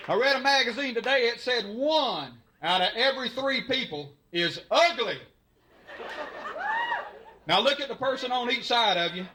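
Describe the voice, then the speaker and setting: A Southern man from Alabama does a folksy stand-up set on a live stage, his voice sitting very high and bouncing lively up and down. He drawls and teases the crowd, with plenty of room noise behind him. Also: normal speed. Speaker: stand-up comedian. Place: live show at a college venue.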